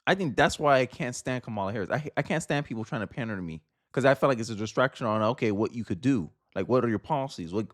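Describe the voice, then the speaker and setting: A man's voice: medium pitch, animated, fast, few pauses, no echo, clean studio sound. A man giving casual video commentary, blunt and opinionated, ranting about politics.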